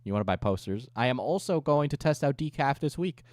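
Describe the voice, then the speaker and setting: A man's voice: mid-range voice, animated, fairly quick, a little mellow, dry recording, studio quality. A man livestreaming, chatting casually with viewers, joking, ranting and swearing often. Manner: profane, joking rants with frequent laughter. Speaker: coffee business owner.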